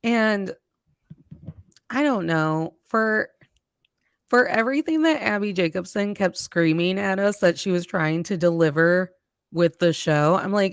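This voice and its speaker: Opinionated podcast co-host, a woman with a smooth, clear voice; dry recording. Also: mid-range voice, no room sound. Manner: blunt, opinionated, quick asides. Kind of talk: casual chat film review.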